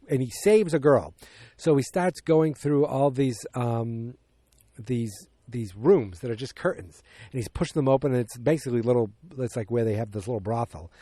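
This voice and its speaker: A man's voice: medium pitch, mellow, dry recording. A man casually recapping a movie on a podcast, rambling, losing his place and acting out bits of dialogue. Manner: rambling, loses his place, acts out lines in quick voices. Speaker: podcast host.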